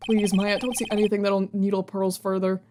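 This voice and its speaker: A woman's voice: medium pitch, level tone, fairly quick, background noise. A woman playing a video game and reading its dialogue aloud, with wry joking asides. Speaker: let's player.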